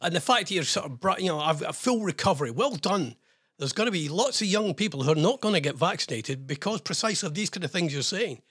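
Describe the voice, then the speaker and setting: A British man hosts a radio show from a studio, commenting on the news with mocking sarcasm. His voice is husky and sits a little high, and it swings up and down widely as he talks. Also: expressive, quick pace, hardly any pauses, a bit bright. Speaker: radio presenter.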